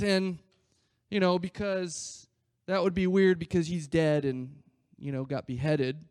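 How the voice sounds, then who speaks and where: A man delivers a sermon in a high-pitched voice, recorded dry and close with no room sound. He swings between loud, stretched emphasis and quiet asides, acting out the scripture quotes like a conversation. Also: unhurried, clear, resonant tone, dry recording. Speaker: pastor.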